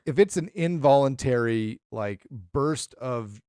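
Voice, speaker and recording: A man's voice: mid-range voice, animated, measured pace, dark tone, clear, resonant tone, no echo, clean studio sound. A man co-hosting a podcast in casual chat, laying out firm opinions emphatically. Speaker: podcast co-host.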